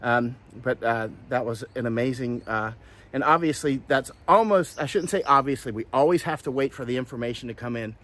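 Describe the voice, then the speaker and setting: A man's voice: medium pitch, a little fast, fairly bright tone. A man from Florida giving casual commentary, rambling with many restarts and fillers. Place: outdoors, in hot weather.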